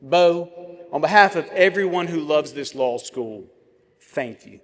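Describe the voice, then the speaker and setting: A man, giving a commencement address with measured oratory, dramatic pauses and vivid storytelling. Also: fairly high pitch, expressive, fairly bright tone. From Georgia, US. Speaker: commencement speaker. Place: large ceremony venue. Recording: long reverb of a large venue.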